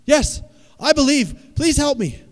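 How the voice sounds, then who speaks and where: A man voicing a terrified man hanging from a cliff, pleading desperately and loudly. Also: extremely high pitch, expressive, measured pace, long reverb tail, pitched above the performer's own voice. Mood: panicked pleading.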